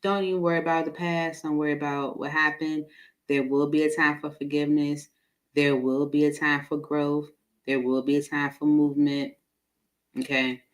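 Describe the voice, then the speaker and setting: A woman's voice: deep voice, flat delivery, normal speed. A woman giving a casual live tarot reading, chatty and laughing often, with many fillers. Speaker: tarot reader.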